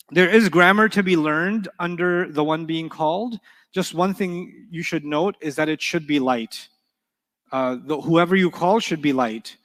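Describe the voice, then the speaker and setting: A man teaching an Arabic grammar class, lively and animated, often checking with his students. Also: a little high, big-room sound.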